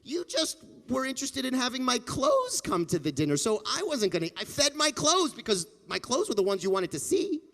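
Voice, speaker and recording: A guy doing a soft apologetic rabbi, hesitant, kinda high voice, roomy echo. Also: wildly swooping pitch, a little fast, hardly any pauses, full character voice. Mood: gentle. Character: humble, gentle male rabbi guest.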